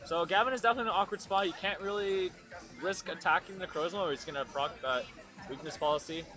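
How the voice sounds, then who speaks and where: A man's voice: high voice, quick pace. A man giving casual live play-by-play commentary on a competitive video game match, with frequent fillers. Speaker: esports commentator. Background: music playing nearby.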